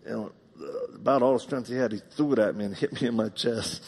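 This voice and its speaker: Husky, gravelly preacher in a reverberant hall. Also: male voice, mid-range voice, brisk. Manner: heartfelt, swings from loud emphatic bursts to hushed storytelling. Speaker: pastor. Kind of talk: live sermon with personal storytelling. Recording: long reverb of a large hall.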